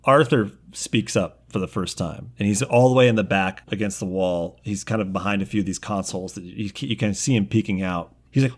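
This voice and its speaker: A man's voice: fairly low pitch, a little fast, few pauses. A man as game master narrating a tabletop game in a casual, profane, rambling way.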